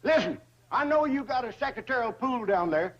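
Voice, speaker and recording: A brash rustic old charmer. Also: male voice, very high-pitched, animated, normal speed, background noise. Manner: brash, folksy, self-pleased. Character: boastful rustic old man, vain and stubborn. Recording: dull old TV soundtrack with loud laugh track.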